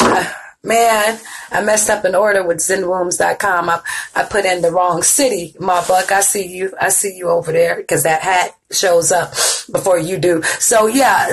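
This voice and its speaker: A woman's voice: fairly low pitch, breathy edge, poor audio. A middle-aged woman hosting an online show in casual chat, greeting viewers by name and laughing often. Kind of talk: casual live-stream chat.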